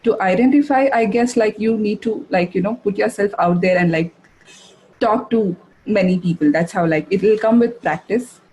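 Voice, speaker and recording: A woman giving a masterclass, answering audience questions in a halting way, with many fillers and restarts. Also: mid-range voice, a little mellow, husky, poor audio. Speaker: masterclass speaker. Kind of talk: live webinar Q&A answers.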